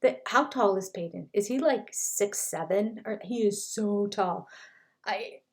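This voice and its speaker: An older woman talking through a reality show recap in a relaxed, chatty voice. She keeps slipping into quoted lines as she retells each scene. Her pitch sits in an ordinary middle range. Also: a little slow. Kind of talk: casual commentary.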